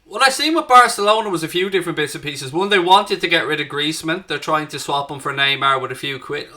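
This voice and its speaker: Stream host guy, high bright voice, gets hyped and swears a lot. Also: quick pace. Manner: excitable, swears freely. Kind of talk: casual live-stream chat.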